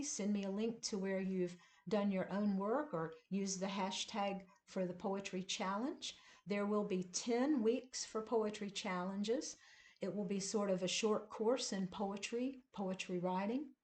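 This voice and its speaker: A woman teaches poetry in a casual video lesson, taking her time over each phrase. Her pace is slow and deliberate, and she leans into the beat of each line as she explains it. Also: mid-range voice, a little mellow. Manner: slow, deliberate, emphasizing rhythm. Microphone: camera at desk, seen gesturing.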